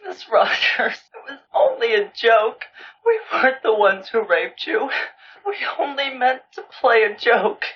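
A man's voice: extremely high pitch, big pitch swings, measured pace, lo-fi sound, full character voice. A young actor playing a terrified, tied-up teenage boy who begs and sobs in panic, in film dialogue. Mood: pleading. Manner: begging, panicked, sobbing.

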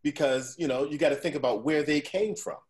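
A man's voice: a little high, brisk. Man in his forties telling blunt stories. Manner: profane, storytelling, frequent "right?". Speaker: podcast host. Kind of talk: casual chat.

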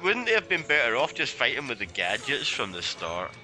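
A man's voice: mid-range voice, wildly swooping pitch, a little fast, over music. A man co-hosting a casual film commentary podcast, joking and laughing often. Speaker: podcast co-host.

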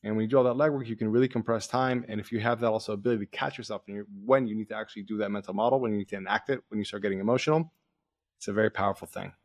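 A man hosting a podcast, coaching his guest in an energetic, explanatory way and quoting his own inner thoughts as examples. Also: fairly low pitch, rapid-fire. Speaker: podcast host, performance coach. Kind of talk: coaching conversation.

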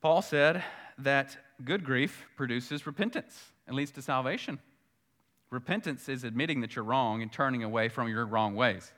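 A male pastor preaching a sermon earnestly, repeating key phrases and swelling louder on his points. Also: medium pitch, normal speed.

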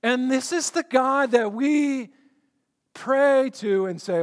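Guy preaching a sermon, pretty high voice for a man, earnest, keeps restarting words. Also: slow pace. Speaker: pastor.

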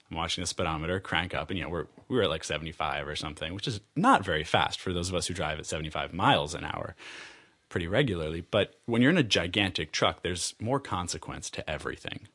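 An American man with a low, grounded voice tells a personal story aloud. He rambles cheerfully, laughs often and trips over his own phrases as he goes. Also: fairly bright tone. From United States.

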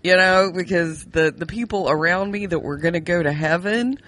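A woman co-hosting a casual podcast, speaking in a fairly low voice. She tells stories candidly and wryly, laughs often, and restarts her sentences as she goes. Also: normal speed, fairly bright tone, a little hiss or hum. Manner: wry about her strict religious upbringing. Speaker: podcast co-host. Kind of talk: casual chat.

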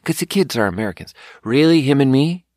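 With lively intonation and a slightly quick pace, a Swedish podcast host who also serves at a restaurant tells a profane, self-mocking, wandering story. His voice is medium-pitched and darkish. The recording is studio quality, free of room sound.

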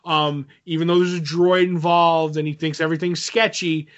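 A man's voice: a little high, flat delivery, moderate pace. A man co-hosting a podcast, talking casually and rambling with many fillers and restarts. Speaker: podcast co-host. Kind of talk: casual chat. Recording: dull lo-fi audio.

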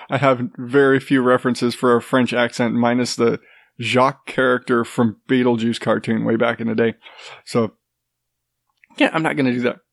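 A man's voice: medium pitch, flat delivery, normal speed, creaky, long pauses, no echo, clean studio sound. A man with a congested, stuffy nose, rambling sarcastically in a casual, profane chat. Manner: rambling, sarcastic, swears freely.

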